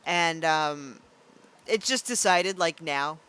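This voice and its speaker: A young woman streaming a game, chatting playfully and thinking out loud with plenty of fillers. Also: low-pitched, slow, clean tone. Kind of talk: casual live-stream game commentary.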